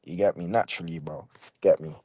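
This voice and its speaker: A young man, talking excitedly and casually as a football fan, full of slang and repeating "bro" and "you understand". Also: low-pitched, fairly quick, slightly rough, dry recording, clean studio sound. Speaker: guest fan.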